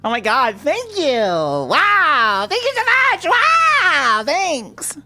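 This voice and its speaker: A shrill, gushing fan voice, put on by a man in a squeal that leaps wildly up and down. It sounds bright and breathless, drawn out slowly, with faint music underneath. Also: huge pitch swings, full character voice.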